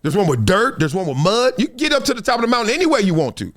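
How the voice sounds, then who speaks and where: A man hosting a podcast, giving animated, preachy commentary and acting out little quoted exchanges. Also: sits high, racing. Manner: preachy, dramatic, acts out quotes. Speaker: podcast host.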